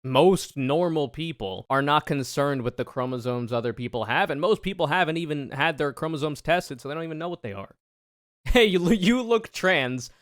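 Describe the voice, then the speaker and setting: A man streaming casual reaction commentary, sarcastic and profane, ranting with animated energy. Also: fairly high pitch, fairly quick, hardly any pauses, dry recording, clean studio sound. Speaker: streamer reacting to debate clips.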